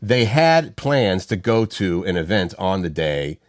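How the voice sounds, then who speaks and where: Middle-aged guy co-hosting a morning show, deep voice, rambly, lots of restarts. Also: sing-song, measured pace, no room sound, clean studio sound. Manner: rambling storyteller, many restarts. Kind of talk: casual morning-show chat.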